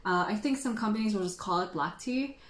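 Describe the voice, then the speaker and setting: A chatty woman hosts a casual livestream, rambling freely and laughing often. Her voice sits at a middle pitch and rings with a roomy echo. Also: brisk. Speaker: tea livestream host.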